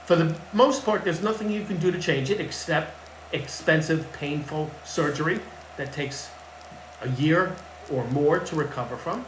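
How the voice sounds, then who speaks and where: A man's voice: a little high, moderate pace, slight background noise. A man working as a fitness coach gives casual advice to camera in a blunt, emphatic way and repeats his key points. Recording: echoey room with faint ambience.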